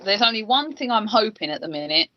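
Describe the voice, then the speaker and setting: British female co-host, mid-pitched, frustrated and sweary, lo-fi audio. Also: very animated, quick pace, a little hiss or hum. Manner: frustrated ranting, swears freely. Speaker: wrestling radio co-host. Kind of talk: casual podcast chat. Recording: dull lo-fi podcast audio.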